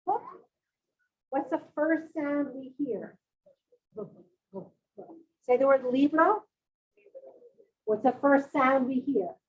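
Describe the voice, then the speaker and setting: Animated woman leading a reading workshop. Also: high voice, phone-quality sound. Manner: animated, leads call-and-response drills. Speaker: literacy workshop presenter. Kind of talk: interactive parent workshop.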